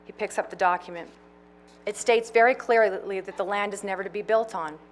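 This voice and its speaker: A woman reading the stage directions of her own play aloud in a measured, matter-of-fact way. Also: medium pitch, fairly even intonation. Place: conference reading.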